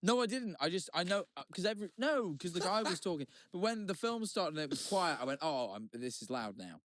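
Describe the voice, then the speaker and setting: High, lively man, defensive. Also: quick pace, slight background noise. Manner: defensive, stumbling restarts. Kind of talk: casual chat.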